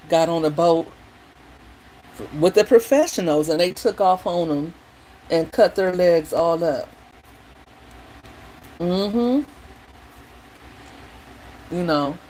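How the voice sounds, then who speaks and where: A woman vlogger in a casual chat while doing her hair, retelling things in a rambling, opinionated, animated way. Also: lowish voice, slight background noise, rough recording.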